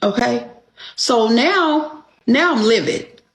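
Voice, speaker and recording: A woman's voice: on the high side, animated, slow pace. Emphatic woman venting, echoey room. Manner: emphatic, profane, keeps asking "okay?". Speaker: guest telling her story. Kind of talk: casual storytelling.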